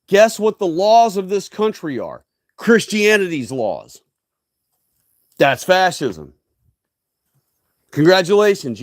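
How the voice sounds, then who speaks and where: High-voiced man in a dry, ranting monologue. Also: no room sound. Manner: ranting, preachy, emphatic lecturing; frequent tag questions, "okay?" and "right?". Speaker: livestream host. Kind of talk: solo livestream monologue.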